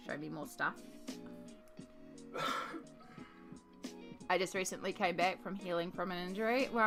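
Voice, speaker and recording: A woman chatting casually on a live art stream as she paints, upbeat and talkative as she answers her chat. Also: fairly low pitch.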